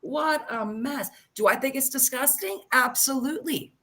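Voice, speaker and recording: A woman's voice: high voice, moderate pace, bright, forceful tone. A woman hosting a livestream, delivering a heated, profane rant that calls people out directly. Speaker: livestream host.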